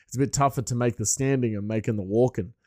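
A man's voice: mid-range voice, fast, dark tone, dry recording, clean studio sound. A young man chatting casually on his podcast, rambling and laughing often. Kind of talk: casual solo chat.

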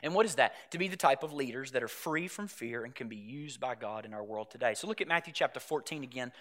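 A man preaching a sermon, animated, often asking the congregation questions and rising to loud, emphatic stretches. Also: mid-range voice, fast. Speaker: pastor.

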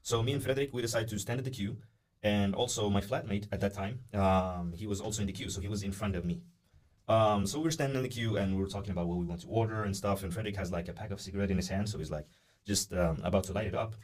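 A man's voice: on the low side, fast talker. A young man telling a long story in a casual podcast chat, acting out the voices of people in it, with lots of "uh" and "like" fillers. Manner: animated, acts out the voices of people in his story; many "uh" and "like" fillers. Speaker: podcast guest.

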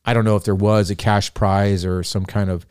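A man's voice: lowish voice, flat delivery, normal speed, a little mellow, clean tone, no echo, studio quality. A man hosting a faith podcast, telling a story in a loose, casual way with many fillers and restarts. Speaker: podcast host. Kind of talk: casual spiritual reflection.

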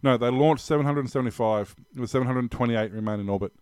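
A man co-hosting a tech news podcast, rambling through stories with plenty of fillers and restarts. His voice is smooth and clear, and the recording is dry and close. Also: mid-range voice, fast talker, darkish tone, no room sound. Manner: rambling, hesitant, laughs often. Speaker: podcast co-host. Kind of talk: casual tech news chat.

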